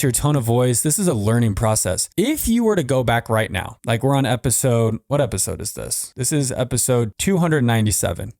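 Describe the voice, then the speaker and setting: A man talks through his own podcast episode in a relaxed, conversational way, calling his listeners "guys" and poking fun at himself. His voice sits in an ordinary middle pitch. The recording is dry and close, with no room sound. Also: no room sound. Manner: conversational, self-deprecating, addresses listeners as guys. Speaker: podcast host. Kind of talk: casual solo podcast monologue.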